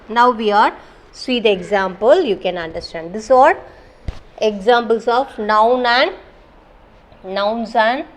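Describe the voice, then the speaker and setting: Slow-paced Indian English woman teacher. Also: fairly high pitch. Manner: explains step by step, repeats words for drill. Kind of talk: classroom lesson.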